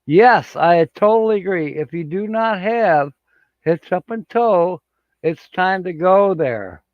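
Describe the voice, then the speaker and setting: Guy hosting a livestream from a home setup, talks real slow, laughs a lot, dull dry sound. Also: high voice, expressive, no room sound. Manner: chuckling often, slow and rambling. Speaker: livestream host. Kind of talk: casual livestream chat reading viewer comments. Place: home studio with green screen.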